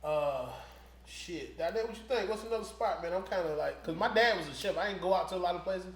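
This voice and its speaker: A man from Atlanta, a podcast guest, chatting casually in a relaxed, slangy, rambling way. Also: high voice, fairly quick. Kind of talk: casual chat. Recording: roomy studio sound with faint noise.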